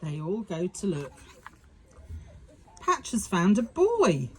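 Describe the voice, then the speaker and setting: A woman reading a children's farmyard story aloud in a slow, sing-song telling. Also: mid-range voice, huge pitch swings, slight background noise. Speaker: storybook narrator.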